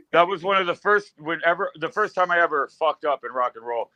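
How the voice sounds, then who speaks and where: A man's voice: on the high side, pushed and bright, dry recording, poor audio. A man in his fifties, a guest musician, telling rambling stories with loose fillers in casual talk. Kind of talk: casual storytelling.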